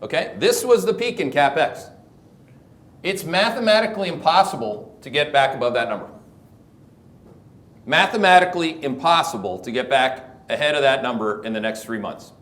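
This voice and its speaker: A man with a Canadian accent hosting a market commentary show, talking in an animated, emphatic, joking way that circles back on itself. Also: on the high side, moderate pace. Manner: animated, emphatic, jokey, repeats words. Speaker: host. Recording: echoey room.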